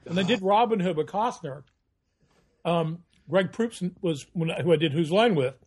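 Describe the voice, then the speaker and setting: A man's voice: fairly high pitch, moderate pace, breathy edge. A middle-aged man, a guest actor, telling stories in a casual podcast chat and slipping into voices as he goes. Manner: animated storyteller, doing voices in anecdotes.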